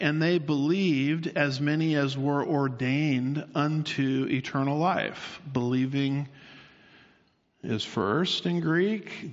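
A man teaching the Bible in a sermon, explaining at length and asking his listeners rhetorical questions. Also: a little high. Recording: dull sound with long hall reverb.

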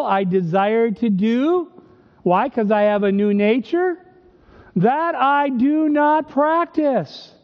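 A man preaching a sermon, emphatic and full of rhetorical questions, slowing down to stress quoted verses. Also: very high voice. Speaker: pastor. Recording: dull sound with long reverb.

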